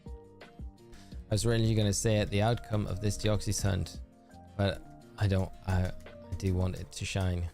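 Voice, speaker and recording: A man's voice: low-pitched, little pitch movement, measured pace, creaky, long pauses, warm tone, soft background music. A man streaming a game live, chatting casually and reading viewer messages aloud as he answers them.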